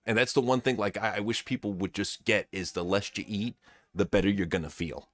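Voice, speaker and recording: A man with a low voice, hosting a casual podcast and giving blunt, opinionated takes full of swearing. The sound is dry and close to the mic. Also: steady tone, fairly quick, fairly bright tone, dry recording. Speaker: podcast host.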